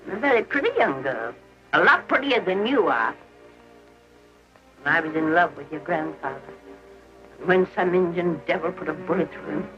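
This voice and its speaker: An actress playing a determined elderly pioneer grandmother who lectures her granddaughter firmly, in a 1930s film. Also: low-pitched. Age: older. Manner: firm, lecturing and forceful. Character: stern old pioneer grandmother, fiercely determined. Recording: muffled 1930s film soundtrack with music.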